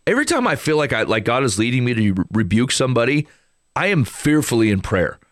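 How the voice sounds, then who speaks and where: A man co-hosting a casual faith podcast, telling stories in a rambling, animated way with many restarts. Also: mid-range voice, quick pace, no echo, clean studio sound. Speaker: podcast co-host.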